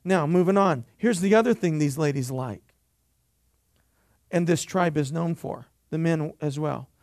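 A man's voice: on the high side, a little slow, darkish tone, dry recording, clean studio sound. A male pastor preaching a sermon in church, emphatic and jokey, calling for amens from the congregation.

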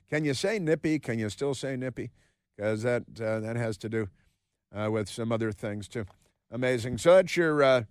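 A man's voice: mid-range voice, no echo. A male talk radio host in a studio, delivering a sarcastic, rambling monologue full of filler words.

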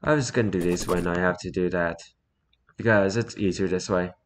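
A man casually reading social media posts aloud, dropping into quiet muttered asides between them. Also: low voice, brisk, a little hiss or hum.

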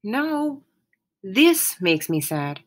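A woman voicing an anxious, earnest young male satyr with a raised, pleading voice, in a slow, lively storybook reading. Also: on the high side, pitched above the performer's own voice. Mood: sad.

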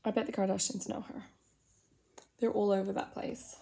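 A woman in her forties with an Australian accent, chatting through a comedic makeup routine. She rambles, mocks herself and slips into soft whispered asides. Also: medium pitch, flat delivery, moderate pace, vocal fry. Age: 40s. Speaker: makeup vlogger. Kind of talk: comedic get-ready-with-me chat.

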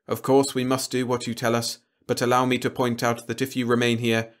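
A cold robot leader speaking with measured, flat politeness, as a man puts the voice on. The voice sits a little higher than usual and never shows emotion. It sounds like a machine in a storybook reading. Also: lightly acted. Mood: cold, formal.

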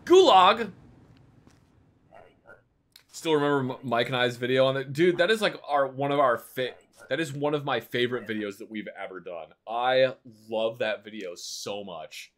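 A man's voice: mid-range voice, moderate pace, a bit bright. A man streaming a game live, chatting in a playful, teasing way and bantering like a stern border official.

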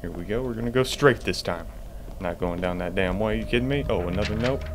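A man's voice: fairly low pitch, quick pace, background noise. A man giving jumpy, profane commentary to himself while playing a horror game. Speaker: gamer.

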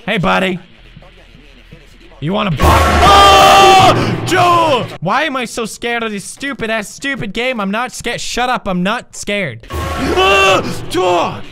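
A man's voice: very high-pitched, animated, measured pace, creaky, shouting, over loud music. A man in his twenties commentating a horror game, talking to himself, yelping and cursing when scared. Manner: jumpy, screams and swears, talks to himself. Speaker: gaming video host.

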